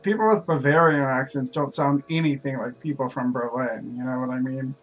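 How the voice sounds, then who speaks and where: Guy mid-pitch, gaming commentator type, rambly and chatty while he plays. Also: a little fast, a bit bright, low-quality recording. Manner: chatty, rambling, many "like" fillers. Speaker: co-op game player. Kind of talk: casual chat while gaming.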